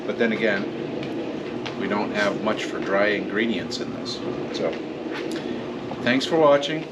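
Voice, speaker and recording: A man's voice: fairly low pitch, animated, a little slow. A man tasting and reviewing a dish at home, hesitant and searching for the right words. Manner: hesitant, searching for words, eating while talking. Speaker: taste tester in a cooking video. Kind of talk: casual chat. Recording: distant mic with loud background noise.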